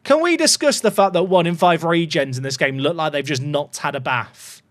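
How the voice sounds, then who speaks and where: A man's voice: on the high side, moderate pace, fairly bright tone, no room sound. A man casually commentating on his football management game, chatty and full of joking asides to his viewers. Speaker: gaming YouTuber.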